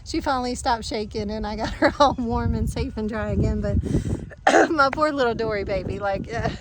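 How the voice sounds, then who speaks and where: A woman, chatting casually and telling an animated story outdoors on her farm. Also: on the high side, background noise. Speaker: farm vlogger.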